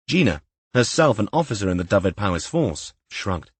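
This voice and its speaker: A man narrating a crime audiobook in a measured, even way. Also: fairly low pitch, slightly rough, no room sound. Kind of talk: scripted narration.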